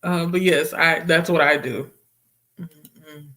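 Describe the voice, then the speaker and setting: A woman's voice: low-pitched, steady tone, slow, bright, forceful tone. A young woman hosting a casual book livestream, chatting expressively with viewers, reading their comments aloud and laughing often. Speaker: booktube livestream host.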